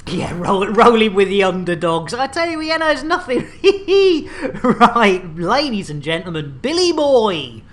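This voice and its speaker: Casting note: unhurried woman streamer, cheeky banter, mid pitch. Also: big pitch swings. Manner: bawdy, jokey banter. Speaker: game streamer host. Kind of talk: casual game-stream chat.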